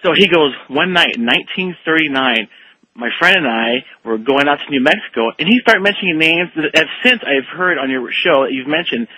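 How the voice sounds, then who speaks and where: Bright, breathy male radio caller. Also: fairly high pitch, brisk, no room sound, low-quality recording. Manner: rambling, animated storyteller who acts out quotes. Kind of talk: telling a story on a call-in radio show.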